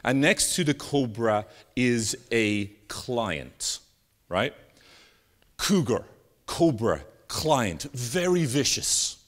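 Lively, slow-paced male keynote speaker. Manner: animated storyteller, sweeping pitch for emphasis. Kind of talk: live keynote talk with jokes and stories. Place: conference stage with an audience.

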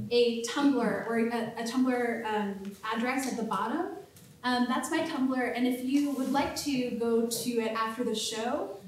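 A woman, the playwright, introducing an open rehearsal to an audience, hesitant and full of fillers. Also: on the high side. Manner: hesitant, with many fillers and restarts. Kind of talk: casual stage introduction. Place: theatre stage. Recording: echoey hall, far off, faint noise.

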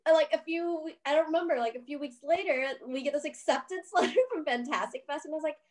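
A woman filmmaker telling a story casually on a video call, chatty and profane, full of "like" and quick laughs. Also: high voice. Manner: chatty, profane, says "like" a lot, laughs often.

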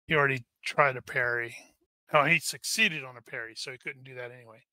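A man's voice: mid-range voice, fairly quick, sharp tone, dry recording. A man running a tabletop combat as game master, methodically narrating dice rolls aloud.

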